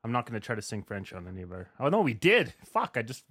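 A man's voice: medium pitch, very animated, quick pace, fairly bright tone, husky. A man co-hosting a podcast in casual chat, jokey, laughing often and swearing. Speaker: podcast co-host.

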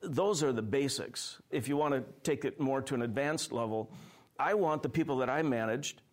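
A relaxed male pastor in an easy conversation. He laughs readily and slips into small stories from his work. His voice sits in an ordinary middle range. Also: mid-range voice, normal speed. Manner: relaxed, laughs easily, tells anecdotes. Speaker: church pastor. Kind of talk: conversational discussion.

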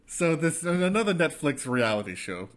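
A man's voice: fairly high pitch, big pitch swings, normal speed. A man in casual chat as a podcast co-host, rambling and chatty. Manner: rambling, chatty, does mocking quoted voices.

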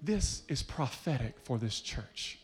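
A man preaching a sermon to a congregation, leading them by name and building to loud, rhythmic climaxes. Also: mid-range voice, lively intonation, slow, faint music behind. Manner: leads the congregation, calling people up by name.

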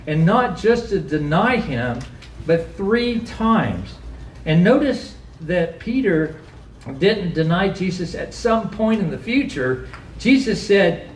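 A man preaches from a pulpit, heard from some distance in a reverberant church. His voice sits a little high and jumps sharply upward when he presses a question. Faint room ambience lies underneath. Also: big pitch swings, slow pace, slight background noise. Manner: earnest preaching, rising to high emphatic questions, acts out quotes. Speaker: pastor. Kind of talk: sermon. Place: church sanctuary.

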